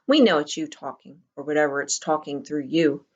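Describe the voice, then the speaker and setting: A woman reads the part of an athletic teenage boy, steady and determined. He speaks low and urgently, with a dry wry touch. His voice sits a little low. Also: fairly quick, husky, dull audio. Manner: hushed, urging, wry.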